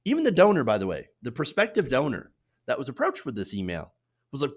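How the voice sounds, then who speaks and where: A man delivering opinionated political commentary with a biting, sarcastic edge. He talks loosely, with fillers and restarts, and his pitch swings widely, jumping up high whenever he mocks someone. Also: huge pitch swings, fast. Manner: sarcastic, mocking put-on voices for quotes.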